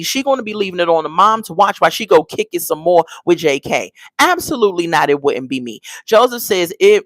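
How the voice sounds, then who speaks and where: A woman's voice: medium pitch, fairly bright tone, no room sound. A woman in her forties giving a sassy, blunt recap of a reality show, telling it like a story. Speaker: reality TV reviewer. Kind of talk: casual recap commentary.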